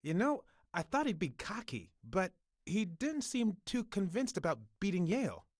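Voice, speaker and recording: A cocky young male weasel photographer from a video game, husky and lively, with his pitch jumping all over the place. He sounds brash and quick to defend himself, recorded dry and set a little back from the mic. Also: no echo.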